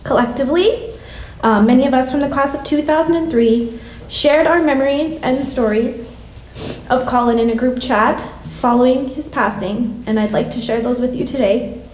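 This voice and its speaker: A woman in her late thirties reads a eulogy aloud, measured and gentle, her voice sitting a little high. She is heard from some way off, with the sound ringing around a church hall. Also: slight background noise. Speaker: classmate giving a memorial tribute. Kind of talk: reading a prepared eulogy. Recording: echoey hall from a distance.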